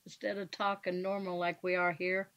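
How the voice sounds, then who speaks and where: A woman's voice: on the low side, flat delivery, normal speed, fairly bright tone. Plain-talking woman explaining ghost hunting gear, kinda muffled lo-fi audio. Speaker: paranormal investigator guest. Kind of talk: casual radio chat.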